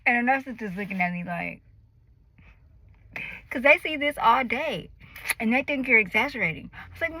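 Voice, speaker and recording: A woman in her thirties telling a personal story in a lively, animated way, acting out the voices and cries of the moment. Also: on the high side, moderate pace, pauses often, poor audio. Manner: animated, acts out her own screams and quoted voices. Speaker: vlogger.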